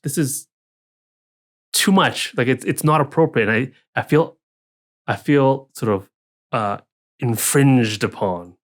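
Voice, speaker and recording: Speaking a little slowly at medium pitch, a man runs the game as dungeon master while co-hosting a casual tabletop gaming podcast. His talk wanders and restarts, and he performs the townsfolk's dialogue.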